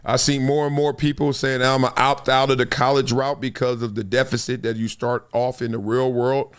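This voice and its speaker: His voice is mid-range, brisk and smooth. A middle-aged Compton, Los Angeles native hosting an informal sports talk show, he spins lively stories and reads out viewer comments, alternating between booming and hushed tones.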